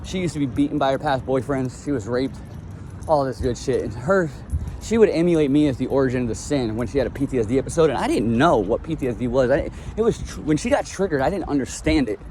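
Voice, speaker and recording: A man's voice: medium pitch, animated, fast, darkish tone, slight background noise. A young man from Florida telling his life story in a blunt, rambling, casual monologue, swearing freely.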